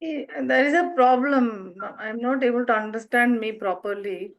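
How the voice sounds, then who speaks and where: A woman in a lecture class speaks up with a question, her voice fairly high. She hesitates and works through a list of points one by one. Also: normal speed, lo-fi sound. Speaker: student asking a question.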